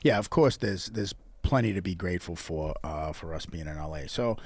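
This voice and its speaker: A man's voice: deep voice, lively intonation, a little fast, a little mellow. A man in his thirties with a Boston accent, co-hosting a casual podcast chat, blunt and teasing, with lots of swearing. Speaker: podcast co-host.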